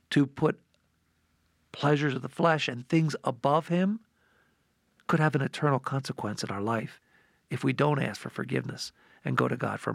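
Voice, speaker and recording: A man's voice: mid-range voice, gravelly, no room sound, studio quality. A man telling an earnest, heartfelt personal story as part of a reflection. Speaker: co-host sharing a reflection. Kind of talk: personal testimony.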